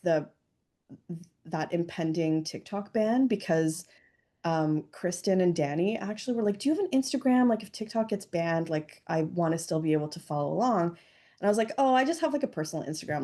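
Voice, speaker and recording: A woman in her thirties chats as a podcast guest in a relaxed, meandering way. Her voice sits a touch low and sounds warm and mellow. She scatters fillers and "like" through her talk. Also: moderate pace. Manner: chatty, lots of fillers and "like". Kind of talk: casual chat.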